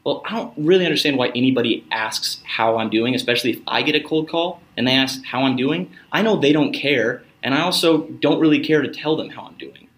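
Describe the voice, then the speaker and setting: A man's voice: medium pitch, fairly quick, hardly any pauses, fairly bright tone. A man who works in sales, talking earnestly in a casual conversation and sometimes acting out phone calls. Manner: earnest, acts out phone lines. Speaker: guest, salesperson.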